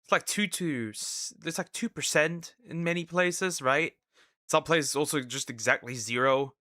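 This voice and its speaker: A man's voice: a little high, measured pace, sharp tone, dry recording, clean studio sound. A man streaming and reacting to clips in casual commentary, talking hesitantly with many restarts and repeated words.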